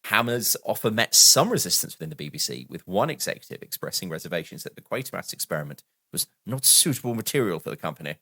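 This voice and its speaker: A man co-hosting a podcast, reading background notes aloud in a casual, animated way and laughing now and then. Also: deep voice, fast, few pauses. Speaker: podcast co-host.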